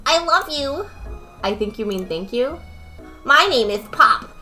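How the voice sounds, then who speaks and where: A woman voicing a goofy, dim young male student, loud and dopey for a game. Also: high voice, animated, measured pace, faint music behind, pitched above the performer's own voice, exaggerated voice.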